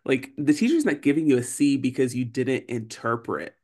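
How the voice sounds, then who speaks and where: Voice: medium pitch, animated, normal speed, a little mellow. A podcast co-host chatting casually, mostly agreeing with short responses and now and then adding a story. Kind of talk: casual chat.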